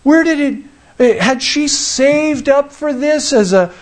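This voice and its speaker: A man with a notably high voice preaching a sermon. He tells the story in a relaxed, conversational way, stumbling over and restarting his sentences as he goes. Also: takes it slowly. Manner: conversational, acts out the people in the story; frequent restarts and fillers. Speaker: pastor.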